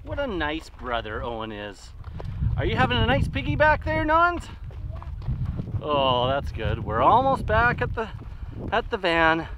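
A man's voice: sits high, wildly swooping pitch, a little slow, dull audio. A man narrating a family hike outdoors, chatty and encouraging toward his kids. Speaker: parent vlogger hiking with kids. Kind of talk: casual family vlog narration. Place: outdoors on a desert trail. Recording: clear wind and outdoor noise. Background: wind and outdoor noise.

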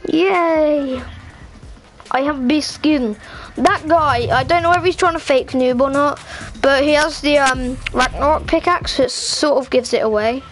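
A young woman chatting casually while playing an online game with friends, excitable and squealing at tense moments. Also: high-pitched, a little slow, poor audio. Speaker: gamer streaming with friends. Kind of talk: casual gaming chat.

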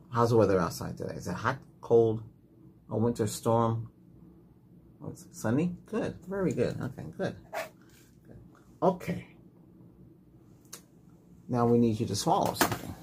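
Man in a soft whispered role-play as a doctor. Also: medium pitch, moderate pace, pauses often. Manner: soft, patient, gentle instructions. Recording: noisy hiss and clicks.

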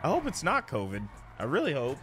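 A male game streamer chatting excitably with his viewers during a live roleplay stream, swearing freely. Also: fairly high pitch, a little fast, soft background music.

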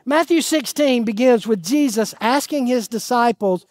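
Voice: mid-range voice, normal speed, darkish tone, dry recording, clean studio sound. Earnest pastor quizzing the congregation. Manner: asks the audience questions and answers them; earnest, pleading emphasis. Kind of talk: sermon.

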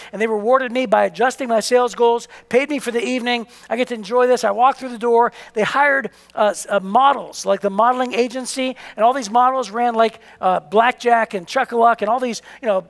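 A man in his fifties preaching a sermon as pastor, telling a story with lively acted-out voices. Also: extremely high pitch, long reverb tail. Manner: animated storytelling, acts out voices. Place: church hall.

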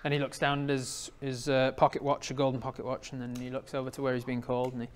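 A man's voice: mid-range voice, fast talker. Guy dm narrating a tabletop game, laid back, kinda rambly. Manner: relaxed, rambling narration with fillers. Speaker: game master.

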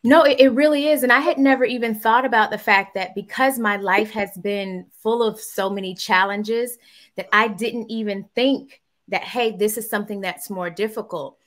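A woman co-hosting a podcast, telling a frank, animated story about a misunderstanding with her friend. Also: medium pitch, moderate pace. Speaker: podcast co-host. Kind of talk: casual chat.

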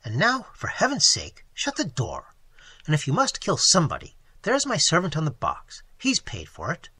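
A man reading an audiobook, giving voice to a proud nobleman who blusters with wounded dignity. The delivery is haughty and rattled, bright and a little breathy. The sound is close and dry. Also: fairly high pitch, wildly swooping pitch, normal speed, no room sound, exaggerated voice. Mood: indignant. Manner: haughty and flustered. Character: proud, indignant nobleman traveller, adult male.

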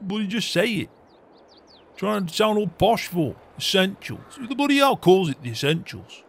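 A man's voice: high voice, animated, moderate pace, gravelly, husky, exaggerated voice. A man playing a blunt, cheerful farm boss, constantly swearing and teasing in game roleplay banter.

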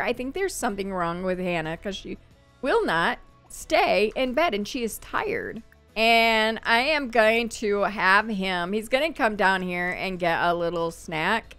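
A chatty woman hosting a gaming channel, talking through her game in a casual, upbeat way and laughing often. Her voice is bright and smooth, and faint game music plays behind her. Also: medium pitch. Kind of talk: casual gameplay commentary.

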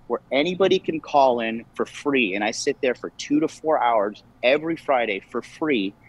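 Husky-voiced man, rambling and defensive. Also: mid-range voice, low-quality recording. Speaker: dating coach guest. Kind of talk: casual call-in conversation.

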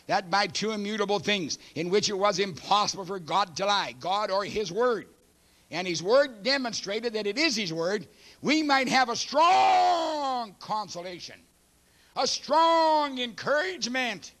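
His voice sits high as he preaches with emphasis, sometimes thundering declarations and sometimes dropping to a hush. He reads scripture aloud fast, in a preachy sermon style.

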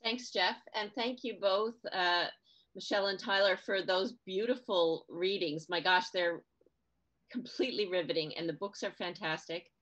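A woman's voice: mid-range voice, moderate pace, a bit bright, lo-fi sound. A woman chairing an online event's discussion praises the readings with enthusiasm. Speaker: committee chair, discussion moderator. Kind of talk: casual live-event hosting.

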